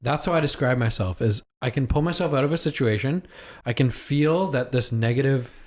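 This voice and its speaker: A man's voice: medium pitch, a little fast, darkish tone. A man hosting a podcast, asking questions and sharing his own view in a casual interview. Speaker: podcast host.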